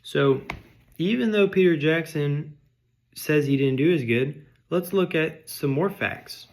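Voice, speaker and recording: A man's voice: a little high, takes it slowly. A man delivering a comedic rant, mock-outraged and sarcastic, insulting his audience. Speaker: vlogger.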